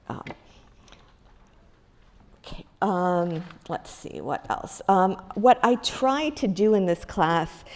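A woman with a low voice gives a university lecture. She talks to the class in a loose, conversational way, full of fillers and restarts. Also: a little mellow. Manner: conversational, many fillers and self-corrections, occasional laughs. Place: lecture hall.

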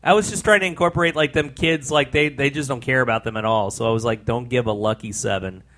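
A man's voice: mid-range voice, fast talker, a bit bright. A man co-hosting a podcast, chatting casually and rambling about a movie, laughing often. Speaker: podcast co-host. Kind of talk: casual movie-review chat.

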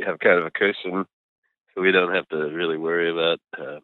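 A middle-aged man with a deep, low voice chats in a laid-back, rambling way, full of fillers and cuss words. He comes through a thin, phone-like remote line with no room sound at all. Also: level tone, fairly quick, dry recording. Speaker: guest musician. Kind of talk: casual interview chat over a call.

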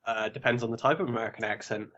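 An English man talks as a podcast guest, loose and casual, often stumbling over his words and restarting. His voice sits at a middling pitch, and he pokes fun at himself as he goes. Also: rapid-fire, a bit bright, muffled recording. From England. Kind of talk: casual chat.

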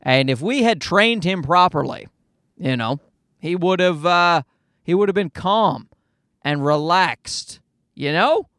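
A high-voiced man riffs through a casual comedic monologue. He swears freely, rants, and leaps from tangent to tangent. His pitch is very lively, and the recording is dry and close. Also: slow, no echo. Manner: profane, ranting, jumps between tangents.

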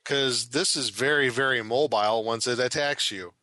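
Dungeon master guy chatting and cracking jokes, bright edgy voice, dry close mic. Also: mid-range voice, moderate pace, no echo. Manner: chatty, joking reactions, frequent short laughs. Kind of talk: casual chat about monster lore.

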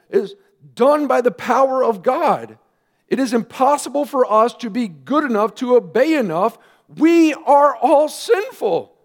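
A man, a pastor, preaching a sermon earnestly, with emphatic rising questions and quieter asides. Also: very high-pitched.

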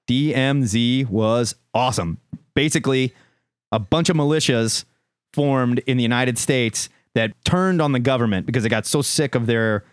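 A man's voice: mid-range voice, normal speed, clean tone, no echo, clean studio sound. A man co-hosting a comic book podcast, chatting with enthusiasm and hyping his picks. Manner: enthusiastic, hyped announcer bursts. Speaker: podcast co-host.

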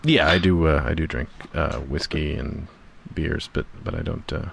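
A man co-hosting a podcast in casual chat, speaking haltingly with restarts and trailing off quietly. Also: very deep voice, gravelly, a little hiss or hum. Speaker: podcast co-host.

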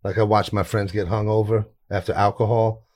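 A man's voice: fairly low pitch, little pitch movement, brisk, a little mellow. A man, a chef guest telling stories in a casual, rambling interview, laughing often and restarting sentences. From New York.

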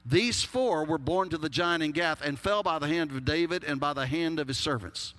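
A man's voice: fairly high pitch, moderate pace, a bit bright. A man with a Texas accent preaching a sermon as pastor, folksy and emphatic with humorous asides. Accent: Texan. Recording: long hall reverb.

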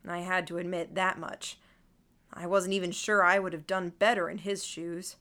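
A woman reading a first-person audiobook in a measured, wry, observant way. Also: fairly low pitch, little pitch movement, pushed and bright. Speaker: audiobook narrator.

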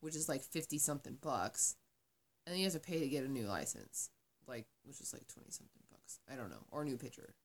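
Low-voiced woman telling a story casually. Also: quick pace. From Arizona. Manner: profane, animated storytelling. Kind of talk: casual chat.

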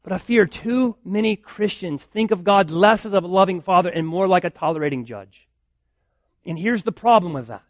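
A man's voice: high voice, expressive, normal speed, no room sound, studio quality. A man, a pastor, preaching a sermon earnestly, building emphasis with repeated phrases.

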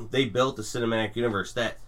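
A man's voice: mid-range voice, fairly even intonation, brisk. A man co-hosting a podcast in casual chat, talking in an opinionated, ranting way. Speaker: podcast co-host.

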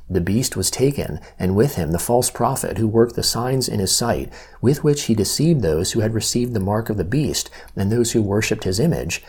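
Low, husky male scripture reader. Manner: measured, even-paced reading with slow emphasis on key phrases. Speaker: Bible reader. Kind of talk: scripture reading.

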